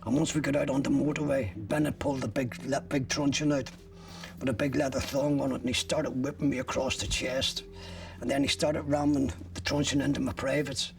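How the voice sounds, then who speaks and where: An older man tells his story bluntly, swearing as he goes, his voice rough and gravelly. He sits back from the microphone, so he sounds a little distant. A faint hum of room noise runs underneath. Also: mid-range voice, little pitch movement, fairly quick. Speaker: interviewee. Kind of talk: recounting a personal ordeal.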